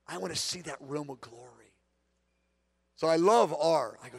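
A man teaching a conference session on prayer, earnest, moving between hushed prayer and emphatic preaching, often repeating himself. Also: fairly high pitch, normal speed, creaky, pauses often, slightly rough. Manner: repeats words, self-corrects.

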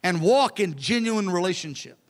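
A preacher voicing an earnest young prince. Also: male voice, sits high, lively intonation, normal speed.

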